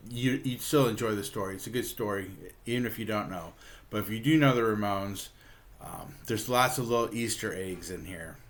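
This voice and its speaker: A man with a somewhat low voice hosts a relaxed book review. He talks in an easygoing, halting way, filling pauses with ums and uhs and chuckling now and then as he walks through the story. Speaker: book reviewer, channel host. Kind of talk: casual comic book review.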